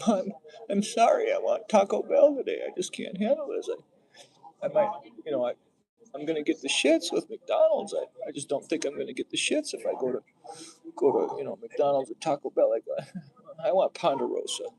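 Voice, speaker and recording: A man putting on a high falsetto to voice a fickle, flustered young woman who stammers as she changes her mind. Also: big pitch swings, fairly quick, creaky, warm tone, poor audio.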